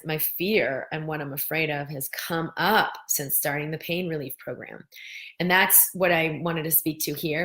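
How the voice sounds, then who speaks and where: A middle-aged woman hosting a live wellness stream, gently guiding listeners through breathing and answering viewer comments. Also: low voice. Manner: gentle, guides listeners through breathing, acts out worried voices.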